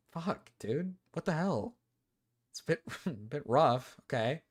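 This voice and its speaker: A man talking to his livestream chat in a loose, casual way. His pitch swings widely and lively as he goes, and he curses freely and keeps circling back to the same phrases. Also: slow pace, slightly rough. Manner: animated, repeats himself, swears freely. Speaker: streamer reacting to chat.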